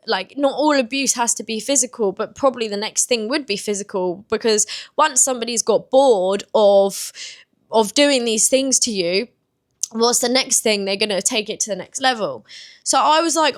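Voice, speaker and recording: A woman's voice: a little high, animated, normal speed. A woman in her twenties with a British accent, talking openly and casually to camera in a confessional vlog, with many filler words. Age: 20s. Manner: open, chatty, many "like" fillers. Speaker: vlogger.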